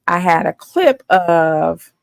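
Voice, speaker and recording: A woman hosting a live stream in a slow, unhurried way, chatty and quick to laugh. Her voice has a gravelly fry to it, and it sounds dry and close with no room around it. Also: lowish voice, animated, no echo. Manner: chatty, laughs often, thinks aloud. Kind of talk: casual live stream reaction chat.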